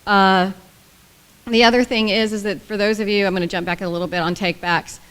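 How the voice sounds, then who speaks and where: A woman gives a workshop talk in a blunt, lively way, throwing joking asides to her audience. Her voice sits at a middle pitch. The recording carries a long reverb from the hall. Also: brisk, clean tone. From United States. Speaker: government agency presenter. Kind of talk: workshop presentation. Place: conference room.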